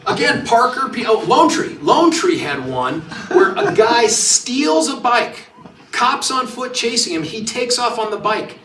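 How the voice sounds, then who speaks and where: A man with an extremely high voice gives an unhurried speech as district attorney to a political club in a meeting hall. He tells animated stories and acts out the quotes, and the recording is very noisy, echoey, and taken from a distant mic.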